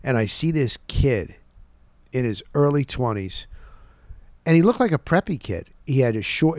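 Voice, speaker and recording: A man in a dry, close studio sound, telling a rambling personal story in a casual podcast chat. He jumps into the voices of the people he met, rising high and loud for them, then drops back to his mid-pitched voice. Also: no echo. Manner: animated, acts out quoted voices. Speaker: podcast host.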